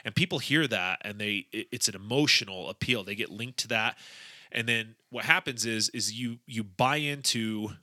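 A man co-hosting a casual podcast, his voice bright and forward. He talks loosely with many restarts and acts out quotes with animation. The sound is dry and close, with no room echo. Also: lowish voice, normal speed. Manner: animated storyteller, acts out quotes, laughs often; informal, many restarts and fillers. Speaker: podcast co-host. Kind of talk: casual chat.

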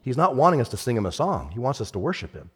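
A man preaching a sermon as pastor, animated, swinging from shouted lines to hushed ones. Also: mid-range voice, quick pace, breathy edge, in a large hall.

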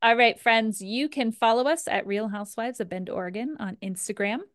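A woman's voice: on the high side, fairly quick, no echo, clean studio sound. A middle-aged woman co-hosting a podcast, chatting casually and laughing often. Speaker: podcast co-host. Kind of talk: casual chat.

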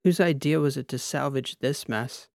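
Brief: man doing a sour woman soldier, curt and dry, lifted pitch with a gravelly edge. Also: normal speed, darkish tone, dry recording, natural voice. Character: tough young woman fighter, sour and blunt.

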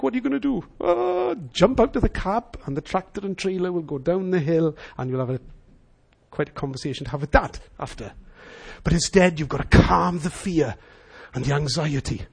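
A man's voice: sits high, slightly rough. A middle-aged Welsh man preaching a sermon, telling stories and acting out the voices of the people in them. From Wales. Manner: animated storyteller acting out voices. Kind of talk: sermon with storytelling.

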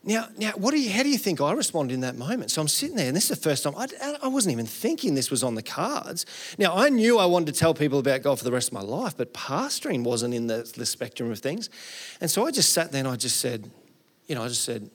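A middle-aged Australian pastor tells his own story with earnest feeling. His voice sits a little higher than most men's and leaps up when he laughs at himself, then drops low and quiet. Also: quick pace. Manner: earnest and animated storytelling, sudden rises in pitch, self-deprecating laughs. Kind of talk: personal testimony.

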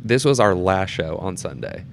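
A young man, a theatre performer, chatting casually in an interview and telling animated backstage stories. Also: low-pitched, moderate pace, vocal fry, a little hiss or hum. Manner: animated storyteller, voice jumps up in quoted reactions. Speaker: theatre performer and board member.

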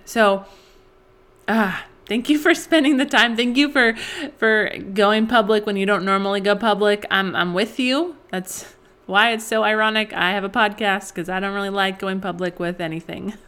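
A woman's voice: medium pitch, normal speed, fairly bright tone. A young adult woman hosting a faith-based podcast, talking earnestly and with feeling to mothers and often restarting her sentences. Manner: earnest and emotional, many restarts. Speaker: podcast host.

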